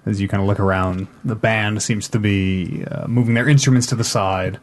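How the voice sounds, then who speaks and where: A man's voice: fairly low pitch, fairly even intonation, moderate pace. A man narrating as game master in a tabletop game, easygoing and often laughing.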